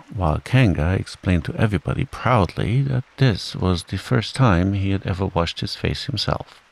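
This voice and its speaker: A man calmly reading a bedtime storybook aloud, in a soothing manner. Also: low-pitched, vocal fry. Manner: calm, soothing. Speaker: narrator.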